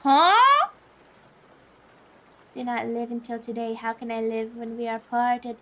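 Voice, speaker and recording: A young woman streaming late at night, chatting casually with viewers, tired but giggly and animated. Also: on the high side, normal speed. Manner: giggly, animated, often laughs.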